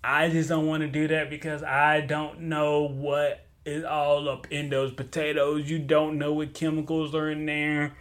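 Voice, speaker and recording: A young man hosting a casual question-and-answer show, talking in a relaxed, rambling way and repeating points as he goes. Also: a little high, measured pace, hardly any pauses. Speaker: host answering listener questions. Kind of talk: casual Q&A podcast talk.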